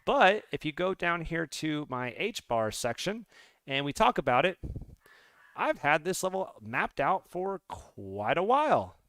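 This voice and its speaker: A man who trades crypto, going over charts live in an excitable, rambling way and talking straight to his viewers. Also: fairly high pitch, unhurried, no room sound. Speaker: crypto trader and channel host.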